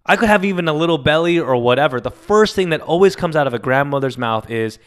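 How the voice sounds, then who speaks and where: A man's voice: a little high, expressive, quick pace, hardly any pauses, fairly bright tone, clear, resonant tone. A man hosting a solo podcast, talking in an emotional, confessional and rambling way. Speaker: podcast host. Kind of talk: casual solo podcast monologue.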